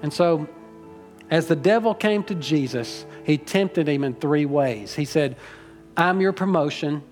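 A man's voice: a little high, expressive, a little slow, a little mellow, faint music behind. A middle-aged man preaching a sermon to his church, folksy and rambling, teasing the congregation and getting emotional. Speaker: pastor. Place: church sanctuary.

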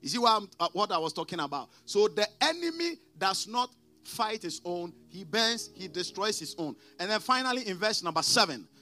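A man preaching a sermon as pastor, emphatic, calling on the congregation to repeat after him and swinging between loud declarations and quiet asides. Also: high-pitched, very animated, normal speed, faint music behind. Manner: preaching with call-and-response prompts to the congregation.

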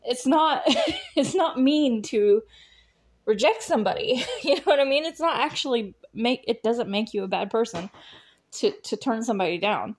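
Woman, podcast host, casual solo chat, slightly high voice, laughs a lot, lots of fillers. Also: very animated, moderate pace, breathy edge. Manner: chatty, laughs often, many fillers.

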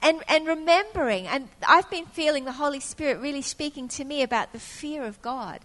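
A woman's voice: sits high, lively intonation, fairly quick, fairly bright tone, long reverb tail. A woman preaching a sermon, telling a personal story and acting out what her younger self said.

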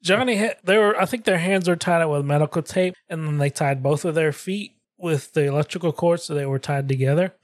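A man's voice: on the high side, fairly quick, hardly any pauses, no room sound. A young man co-hosting a casual podcast, recounting case details in a crude, laughing way. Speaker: podcast co-host.

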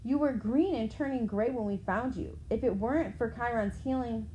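A woman voicing a blunt, sharp-tongued young girl. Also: on the high side, normal speed, highs cut off, slight background noise, lightly acted. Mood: terse.

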